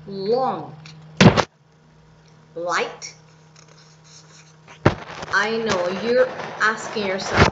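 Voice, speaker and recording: A woman teacher giving a recorded English lesson for children, speaking slowly and clearly and repeating each word for her pupils. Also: mid-range voice, muffled recording, heavy background noise. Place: at home. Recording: echoey room.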